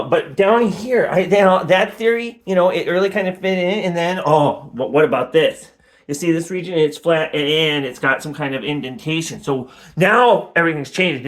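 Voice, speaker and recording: A man hosting a comedy show, rambling in a deadpan way with many ums and uhs. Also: on the high side. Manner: rambling, deadpan, full of fillers. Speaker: comic host.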